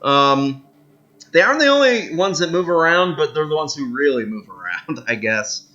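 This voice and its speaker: A man's voice: fairly high pitch, expressive, normal speed, sharp tone, lo-fi sound. A young man giving casual commentary on a strategy game he is playing, thinking aloud with lots of fillers and laughs, and reading event text aloud. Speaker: gameplay commentator.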